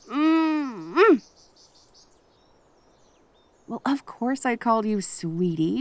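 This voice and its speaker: A young woman voicing a playful, protective female kitsune friend in an audio role-play, teasing and cheerful with a soft, reassuring side. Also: a little high, no echo.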